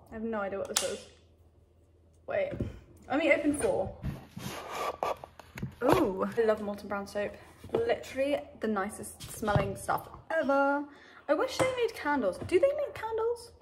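A woman's voice: fairly high pitch, very animated, moderate pace, long pauses, noisy background. A young woman chatting casually to camera at home in her bedroom, rambling and saying "literally" and "like" a lot. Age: young adult. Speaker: vlogger. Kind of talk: casual vlog chat.

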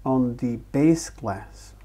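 A man explaining programming concepts in a halting way, with fillers and restarts. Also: medium pitch, dark tone.

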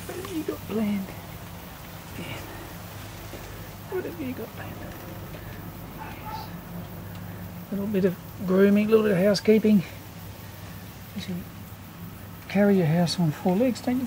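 A woman talking to her cat in soft, doting baby talk, outdoors in a garden. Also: mid-range voice, lively intonation, a little slow, pauses often, background noise. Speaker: cat owner filming her cat. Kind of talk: cooing talk to a pet.

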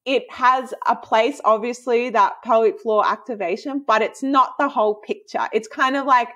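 A woman in her thirties, chatting casually as a podcast guest and telling a story in a lively, giggly way with many fillers. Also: a little high, normal speed. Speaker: guest, osteopath and movement coach.

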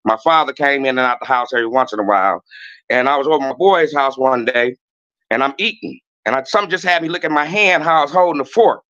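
A man who is a guest on a podcast, ranting in a loud, blunt and profane way and often restarting his sentences. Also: mid-range voice, fast talker, lo-fi sound. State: a little nervous. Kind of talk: heated rant on a podcast.

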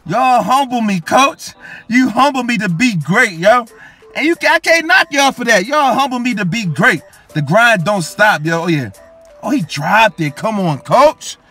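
A young man calls his own football video game match in a high, bright voice. He brags and hypes himself up, circling back to the same catchphrases again and again. Soft music runs faintly in the background. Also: animated, measured pace. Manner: hyped, boastful, repeats phrases ending in "coach" and "yo". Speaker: gaming YouTuber. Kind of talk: live gameplay commentary.

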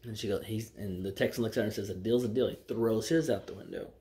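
A man's voice: lowish voice, fast, warm tone. A man telling jokes in a folksy, rambling way, with fillers. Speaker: joke teller. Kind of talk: casual joke telling.

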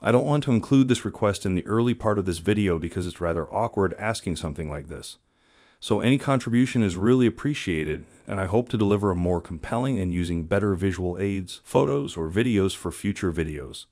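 A man with a very low voice reads a scripted narration plainly and earnestly. The sound is dry and close, with no room around it. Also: expressive, a little fast, darkish tone, no room sound. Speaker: channel narrator presenting clips.

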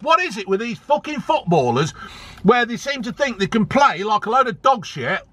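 Angry high-voiced football ranter. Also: male voice, very animated, moderate pace, a bit bright. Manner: heated, sweary, repeats himself for emphasis. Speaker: football fan vlogger. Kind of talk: angry ranting vlog.

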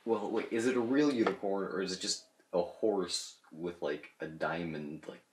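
A man with a very deep voice trades wry, quick retorts and laughs often. He sounds like a relaxed co-host. His voice echoes off the room. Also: slight background noise. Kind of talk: casual chat.

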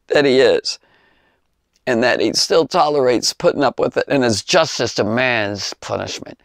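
A man with a gravelly voice teaches scripture in a loose, heartfelt way. His voice often rises high as his feelings run over. The sound is close and dry. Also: dry recording. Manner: emotional, laughing, voice rising with enthusiasm. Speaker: Bible teacher. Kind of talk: informal Bible teaching.

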